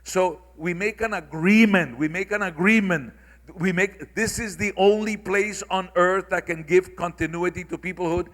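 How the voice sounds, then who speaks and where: A man's voice: sits high, normal speed, a bit bright. A man speaking at a symposium, lecturing the audience in an emphatic, repetitive, preacherly way. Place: large hall. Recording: long reverb of a large hall.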